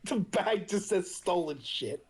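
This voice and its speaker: A man's voice: high-pitched, animated, a little hiss or hum. Man, game master, casual tabletop talk, laughs a lot. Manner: casual, laughing, halting restarts. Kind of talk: running a tabletop game over voice chat.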